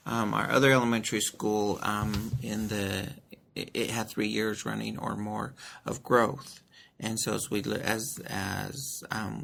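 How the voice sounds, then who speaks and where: Gravelly-voiced school principal explaining. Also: male voice, on the low side, sharp tone. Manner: earnest, many ums and restarts while explaining. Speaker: elementary school principal, interview guest. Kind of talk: conversational interview answers.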